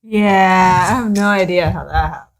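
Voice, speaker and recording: A woman's voice: fairly low pitch, normal speed. Playful woman co-hosting a livestream. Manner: playful, teasing, quotes movies. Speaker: livestream co-host. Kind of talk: casual livestream chat.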